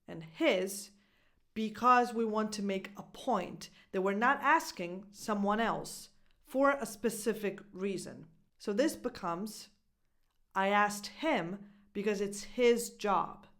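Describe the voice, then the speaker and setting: A woman whose first language is Italian coaches English pronunciation at an unhurried pace. She speaks in a mid-range voice and models short phrases slowly and clearly for the listener to repeat. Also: mid-range voice, expressive, a bit bright. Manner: clear, deliberate demonstrations with repeat-after-me drills. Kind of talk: pronunciation lesson.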